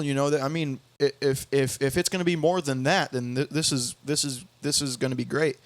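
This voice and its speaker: A young man hosting a podcast, telling a story in casual chat, halting with many restarts and quoting others in bouncy voices. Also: on the high side, fairly even intonation, dry recording. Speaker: podcast host.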